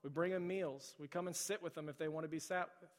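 A middle-aged male pastor preaching a sermon. He tells a story, then pleads softly with repeated phrases. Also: fairly high pitch, fairly even intonation, fast talker. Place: large church sanctuary. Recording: long hall reverb.

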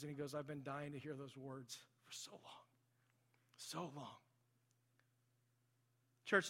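In a church sanctuary with a big-room sound, a pastor whose voice is on the high side and fairly bright delivers a sermon. He works through a story, rising to passionate emphasis.

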